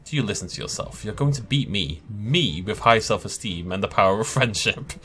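A man's voice: lowish voice, expressive, a little fast, bright, forceful tone, a little hiss or hum. A man voicing a smug, condescending male rival merchant in a video game, with a taunting manner.

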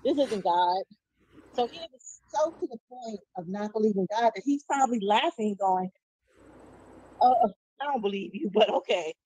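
A woman's voice: medium pitch, animated, moderate pace, warm tone. A woman adding her thoughts in a Bible study discussion, speaking in a thoughtful, conversational way. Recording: dull dry audio.

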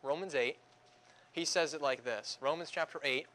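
A man's voice: on the high side, normal speed, fairly bright tone. A young male pastor preaching a conversational sermon, with joking asides and acted-out groans.

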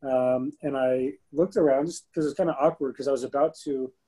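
A man in his thirties co-hosting a podcast, telling an animated story in a casual chat. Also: medium pitch, brisk, breathy edge, poor audio. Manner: animated storyteller, bursts into rapping. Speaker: podcast co-host.

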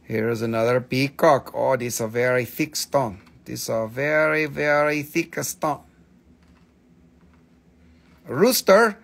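Selling stones on a live stream, this host keeps the chat casual and jokey, cursing freely and slipping into silly voices. He speaks at a slow pace with a creaky, somewhat bright mid-range voice and pauses often.

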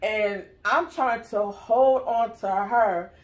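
Speaking slowly in a fairly high voice, a woman who runs her own channel shares a personal story with viewers she addresses as "y'all." She's a mother, and her casual storytelling is emphatic and direct.

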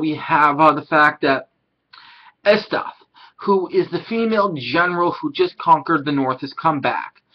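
A man's voice: on the high side, dull audio. Man rambling through an anime recap. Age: 30s. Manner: rambling plot retelling, acts out character quotes. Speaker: anime reviewer. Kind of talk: casual episode review.

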